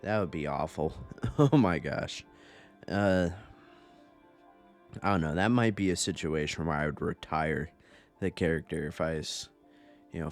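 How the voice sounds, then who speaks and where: A young man giving casual, rambling gameplay commentary from home, profane and self-mocking. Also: deep voice. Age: young adult. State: a bit out of breath. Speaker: gaming YouTuber.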